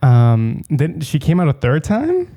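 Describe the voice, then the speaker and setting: A man's voice: on the high side, wildly swooping pitch, unhurried, warm tone. A young man co-hosting a podcast, telling stories in a rambling way full of fillers. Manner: rambling, filler-heavy storytelling. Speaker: podcast co-host. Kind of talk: casual chat.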